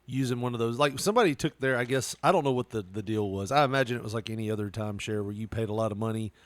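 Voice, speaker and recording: This podcast co-host chats casually, telling stories with animation and laughing a lot. He has a lowish voice, talks at a racing speed, and there's no echo.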